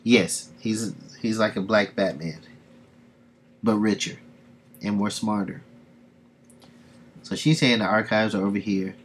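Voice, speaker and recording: A man's voice: on the low side, steady tone, unhurried, pauses often, slightly rough. A man hosting a casual livestream, reading comics aloud and chatting to viewers, often laughing between remarks. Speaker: livestream host.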